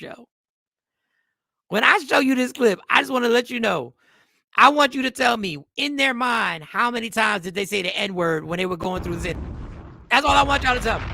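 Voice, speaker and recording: A middle-aged man hosts a loose, profane comedy talk show, riffing and reading comments aloud. His voice is high, with a gravelly edge and a bright, forceful ring. It is recorded close and dry. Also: dry recording. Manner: animated, joking, swearing, reads chat comments aloud. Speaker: host.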